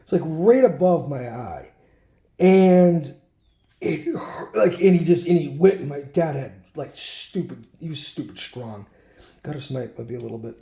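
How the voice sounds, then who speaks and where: A man's voice: a little high, animated, measured pace, gravelly, mellow, roomy sound. A man casually telling a rambling childhood story while sorting through a card collection, breaking off for muttered asides.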